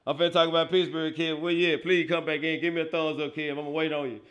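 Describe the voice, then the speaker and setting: A man hosting a casual livestream, reacting excitedly to football highlights, laughing often and talking straight to his chat. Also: fast, smooth. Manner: excitable, laughs often, bursts into loud outbursts, talks to chat; slangy, animated football banter. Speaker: livestream host.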